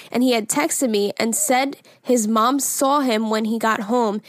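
A woman in her twenties with a New York accent co-hosts a casual podcast. She is quick to laugh and curses freely. Her voice sits a bit high, close and dry on the mic. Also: dry recording. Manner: laughs often, swears freely. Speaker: podcast co-host. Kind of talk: casual chat, reading listener emails.

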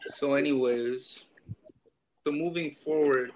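A man's voice: mid-range voice, steady tone, slow, a little hiss or hum, low-quality recording. A man hosting a casual sports chat, welcoming guests and steering the talk. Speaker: show host.

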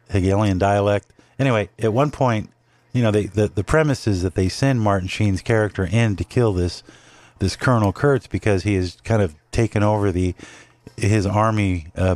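A man's voice: low voice, darkish tone, no echo. A man hosting a podcast, giving a rambling, opinionated commentary monologue with many fillers and restarts. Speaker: podcast host. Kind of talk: casual political commentary monologue.

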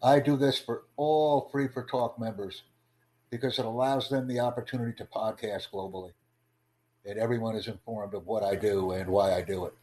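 A man calmly chatting on a live stream, smooth and promotional, unbothered by pushback. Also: on the low side, moderate pace, low-quality recording. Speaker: streamer recording a voice chat. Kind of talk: casual live-stream chat.

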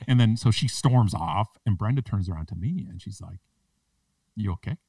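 A man with a fairly low voice tells a story on a podcast, landing his self-mocking jokes with punchy timing. He sounds a little distant from the microphone. The recording is dry, with no room echo. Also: animated, fairly quick, gravelly, mellow, breathy edge. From Canada. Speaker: podcast guest, public speaker. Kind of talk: animated storytelling in a podcast interview.

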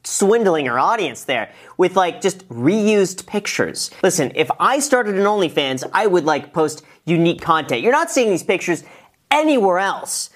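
Chatty man reacting, lively pitch. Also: moderate pace. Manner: chatty, incredulous, with restarts and asides to a producer. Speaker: host reacting to clips. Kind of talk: casual reaction commentary.

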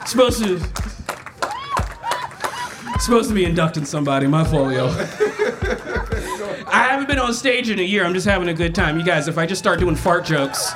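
A woman doing a profane, animated stand-up set on a live stage, breaking into mimicked voices as she tells stories. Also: on the low side. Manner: animated, profane, mimics others mid-story. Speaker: stand-up comedian. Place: stage at a live festival event.

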